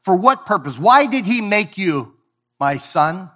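A man preaching a sermon, emphatic and sometimes sarcastic, swinging from booming lines to hushed ones. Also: sing-song, measured pace. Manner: sarcastic mock praise.

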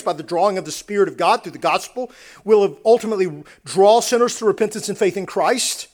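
High-voiced man preaching a sermon. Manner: earnest, repeats words, restarts phrases.

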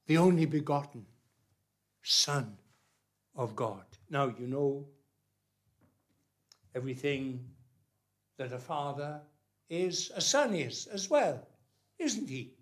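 A man preaching a sermon, unhurried and emphatic, dropping soft and then rising loud on key phrases. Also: mid-range voice.

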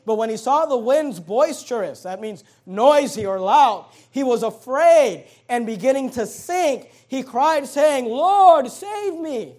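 A man's voice: very high-pitched, expressive, unhurried, few pauses, darkish tone. A male pastor preaching a sermon, reading scripture aloud and emphatically stretching out key words.

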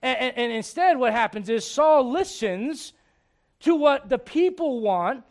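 A man's voice: extremely high pitch, expressive, measured pace. A male pastor preaching a sermon with emphatic storytelling and direct questions to the congregation.

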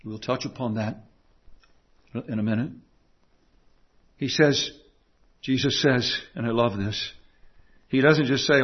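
A man's voice: medium pitch, a little slow, long pauses, breathy edge, highs cut off. A man preaching a sermon, emphatic, repeating key phrases and asking the listeners rhetorical questions.

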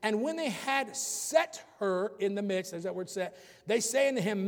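High-voiced preacher in a reverberant hall. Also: male voice, very animated, moderate pace. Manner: preachy, rising to shouts, calls for audience response. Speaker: pastor. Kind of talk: sermon. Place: large church sanctuary.

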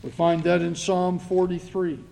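Male pastor, high voice, unhurried sermon delivery, emphatic scripture reading, long church reverb. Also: flat delivery, creaky. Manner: slow, rising to loud emphatic scripture reading.

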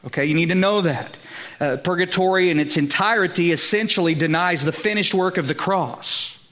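A pastor with a Southern US accent delivers a conversational sermon, often checking in with his listeners and building to emphatic peaks. His voice sits high and fairly bright, and he speaks a little fast.

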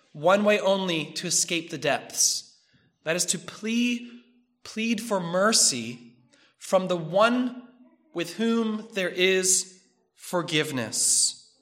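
Slow, bright-voiced male preacher. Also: high voice. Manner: measured, emphatic repetition. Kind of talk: sermon.

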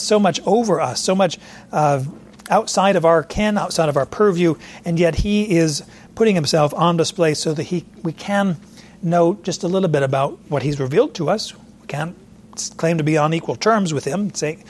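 Slight background noise sits under a man's somewhat high, raised voice as he preaches an expository sermon verse by verse. Speaking as a pastor in a conversational way, he searches aloud for verse numbers with fillers and sometimes asks a listener questions directly.

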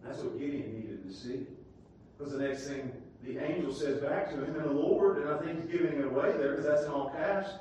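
A male pastor preaching a sermon, swinging from loud shouted questions to hushed, quiet passages. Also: on the high side, quick pace, hardly any pauses, slight background noise. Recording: echoey room, distant from mic.

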